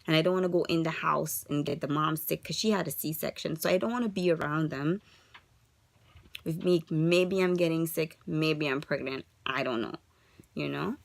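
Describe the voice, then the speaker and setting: A woman's voice: deep voice, moderate pace, creaky, dry recording. A woman in her thirties vlogging an upset, rambling update, asking frustrated rhetorical questions while holding herself together. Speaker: vlogger sharing a fertility journey update. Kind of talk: casual confessional vlog.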